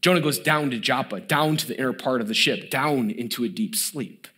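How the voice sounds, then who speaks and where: A man in his thirties preaching a sermon as pastor, emphatic and building, dropping to a low hush on key words. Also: brisk.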